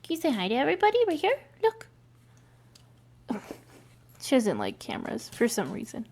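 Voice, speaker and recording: Vlogging a casual dog training session, a young woman chats to her dog in bubbly, coaxing baby talk. Her high-pitched, darkish voice swings hugely in pitch at a moderate pace, broken by long pauses.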